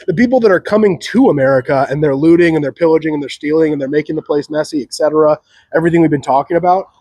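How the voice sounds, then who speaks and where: A man in a solo commentary rambles on, stacking up fillers and breaking into short laughs. His voice sits slightly high. The recording is dry, with no room sound. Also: fast, darkish tone, no echo. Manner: rambling, many "like" fillers, laughs between remarks. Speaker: channel host.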